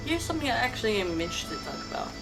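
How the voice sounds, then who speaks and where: A woman's voice: fairly high pitch, sing-song, rapid-fire, music in the background, low-quality recording. A woman with a Texan accent rambling through an opinionated casual vlog, tired and correcting herself often. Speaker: YouTube vlogger. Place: indoor room, dim lighting.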